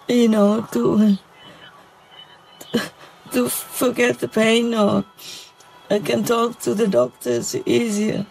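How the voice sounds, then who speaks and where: Slow emotional woman, halting spiritual talk, bit of vocal fry. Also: fairly high pitch, darkish tone, a little hiss or hum. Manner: halting and emotional, with frequent pauses.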